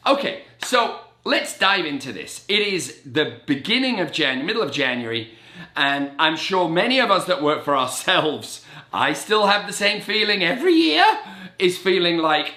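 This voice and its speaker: A middle-aged man, a real estate agent, giving an animated, very caffeinated motivational talk and acting out his inner voice in quick asides. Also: fairly high pitch. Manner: animated and energetic, self-described as very caffeinated. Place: indoor room with a blackboard on the wall. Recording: roomy echo.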